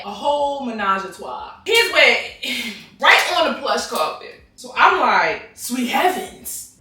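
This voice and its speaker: Animated woman telling a story in an echoey room. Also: recorded from a distance. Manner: animated, slangy, jumps into high voices for quoted people. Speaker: storytime vlogger. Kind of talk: casual storytelling to camera. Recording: echoey room, mic set back.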